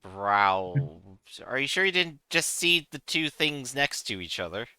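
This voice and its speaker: A man playing a tabletop game, joking quickly with the others. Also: a little high, sing-song, bright, forceful tone, no room sound. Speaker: player. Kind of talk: casual chat.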